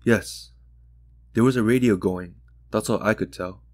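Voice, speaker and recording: A man's voice: fairly low pitch, measured pace, no echo, studio quality. A man putting on a grief-raw, furious mother. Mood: bitter. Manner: raw, shouting, bitter. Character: grieving furious mother, middle-aged woman.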